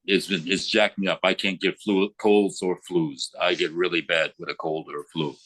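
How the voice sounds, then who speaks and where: A man's voice: low-pitched, moderate pace, no room sound. Blunt, profane older man telling war stories. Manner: blunt, profane, animated when retelling. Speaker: veteran interviewee. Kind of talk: casual storytelling interview. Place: remote call from abroad.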